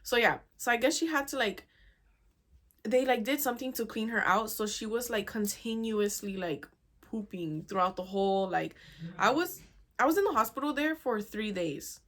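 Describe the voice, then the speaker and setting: A young woman hosting a casual storytime chat, animated and exasperated, full of "dude" and "oh my God.". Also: fairly high pitch, normal speed. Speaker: podcast host.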